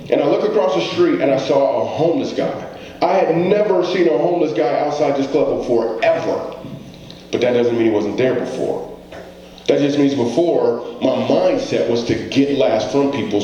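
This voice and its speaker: A man's voice: mid-range voice, dark tone. A man, a comedian, giving an earnest motivational talk on stage, telling stories and asking the audience rhetorical questions. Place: stage before a live audience. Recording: very echoey hall, faint background noise.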